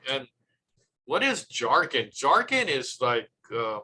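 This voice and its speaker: Guy teaching public speaking, bright voice, chatty, acts out quotes, faint room hum. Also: medium pitch, sing-song, takes it slowly, low-quality recording. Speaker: presenter.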